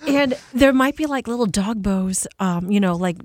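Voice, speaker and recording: A woman in her forties co-hosting a casual podcast, friendly and quick to laugh. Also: medium pitch, lively intonation, a little mellow, a little hiss or hum.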